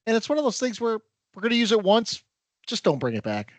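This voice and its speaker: A man with a fairly high voice talks through casual sports chat, stumbling over repeated words in a wry tone. The sound is dry and close to the mic. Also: big pitch swings, quick pace, dry recording. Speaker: podcast co-host.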